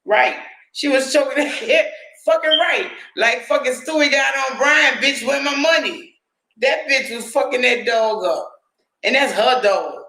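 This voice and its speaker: A man's voice: extremely high pitch, expressive, unhurried, pushed and bright, roomy sound, low-quality recording. A man hosting a livestream, giving casual, profane commentary, often laughing and talking to his chat. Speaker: livestream host.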